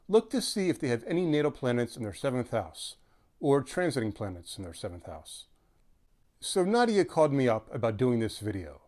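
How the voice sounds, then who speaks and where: A man delivers an astrology talk as a comic monologue, dry and wisecracking. His pitch sits in a middle register but swings up and down a lot. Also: big pitch swings, normal speed, warm tone. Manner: sardonic, wisecracking. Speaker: guest astrologer.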